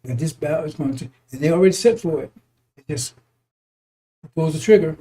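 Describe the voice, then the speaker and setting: A man preaching in an easy, high voice with a warm, dark tone. His delivery is emphatic and repetitive, broken by frequent chuckles, and he swears casually as he works through scripture. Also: brisk. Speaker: religious teacher.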